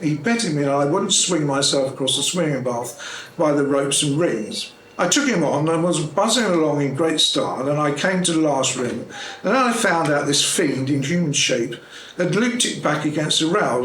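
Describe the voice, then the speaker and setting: Man reading a comic story aloud. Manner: brisk, playful reading with lively jumps in pitch between characters. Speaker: reader at a club meeting. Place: club meeting room. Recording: echoey room with faint background noise.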